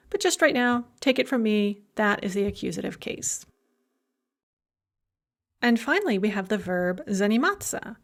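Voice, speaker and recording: A woman lecturing on language grammar in a recorded university lecture, explaining clearly and methodically with the odd filler. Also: mid-range voice.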